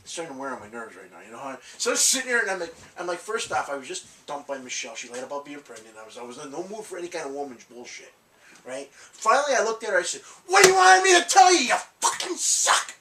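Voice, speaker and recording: A man's voice: mid-range voice, very animated, rapid-fire, pushed and bright, recorded from a distance. A man hosting a collectibles channel, telling rambling stories in casual chat, laughing often and swearing. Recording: echoey room, off-mic, faint noise.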